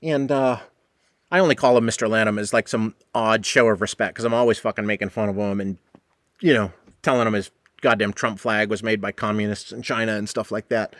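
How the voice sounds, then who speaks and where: A man's voice: fairly low pitch, steady tone, fairly quick, fairly bright tone, dry recording. A man hosting a podcast who tells a rambling, profane story from behind the bar and acts out the people in it. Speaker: podcast host and bartender. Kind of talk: casual storytelling monologue.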